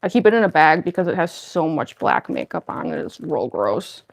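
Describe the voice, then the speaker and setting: With a low, gravelly voice that takes huge pitch swings, a young woman cosplayer talks at a normal speed while getting into costume on a livestream. Her casual chat is rambling and self-deprecating, full of fillers, with a slight lisp from the costume fangs.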